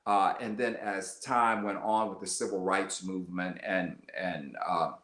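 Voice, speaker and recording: An older man from the US tells stories a little slowly as a guest in a conversational storytelling interview. His mid-pitched voice is bright and forceful, his manner lively and rambling with restarts and asides, and there's echo around him.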